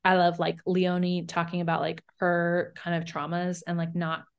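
A woman co-hosting a casual recap podcast, with a slightly low voice. She talks fast and loose, fills everything with "like", and keeps acting out quotes. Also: monotone, smooth. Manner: chatty, lots of "like", acts out quotes. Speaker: podcast co-host.

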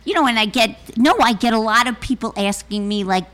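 A woman's voice: a little high, fairly quick, fairly bright tone. A middle-aged woman guest on a podcast, chatting in a wry, self-deprecating way. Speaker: guest, podcaster with her daughter. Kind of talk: casual chat.

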